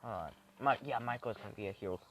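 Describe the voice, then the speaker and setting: A man improvising a fan-fiction story aloud, rambling and thinking out loud as he goes. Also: fairly low pitch, quick pace, slight background noise, poor audio.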